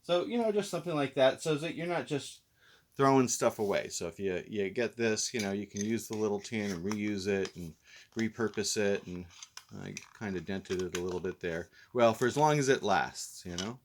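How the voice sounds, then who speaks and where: A man's voice: fairly low pitch, animated, normal speed, a little hiss or hum. A man hosting a casual vlog review who talks in a rambling, laid-back, self-deprecating way while mildly stoned. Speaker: host and reviewer.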